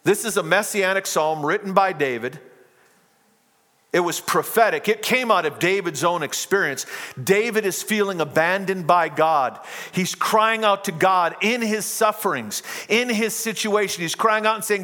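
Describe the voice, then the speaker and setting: A man preaching a sermon, his fairly high voice carrying with a long reverb that trails after each phrase. He reads scripture aloud, climbs to impassioned cries and then sinks back to a low, quiet delivery. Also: moderate pace. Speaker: pastor.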